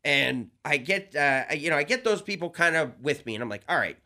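A man, a stand-up comedian, telling a story in casual talk, animated and laughing often as he goes. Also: on the high side, a little fast.

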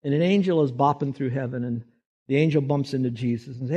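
Guy preaching, earnest and chatty, gets loud and high when stressing a point. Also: fast. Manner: earnest, conversational, rises emphatically. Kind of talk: sermon.

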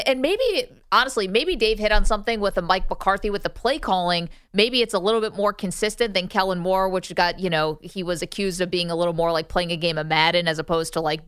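Smooth-voiced woman sports radio host. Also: fairly low pitch, brisk, hardly any pauses, fairly bright tone, dry recording, studio quality. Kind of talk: casual sports talk radio.

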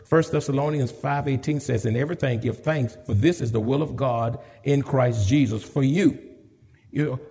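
A man preaching a fervent, emphatic sermon while he has a cold, his husky voice rising and falling. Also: medium pitch, moderate pace, mellow, big-room sound. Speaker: pastor. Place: church sanctuary.

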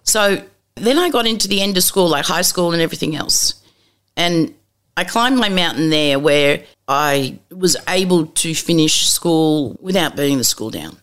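A woman's voice: low-pitched, normal speed. A middle-aged woman telling candid stories as an interview guest, bluntly and with acted-out dialogue. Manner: blunt and lively, acts out dialogue, casual swearing.

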